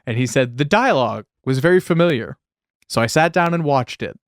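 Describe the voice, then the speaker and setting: A man's voice: mid-range voice, expressive, fairly quick, no echo, studio quality. A man co-hosting a casual podcast, reading out film history with wry, sarcastic asides. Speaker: podcast co-host.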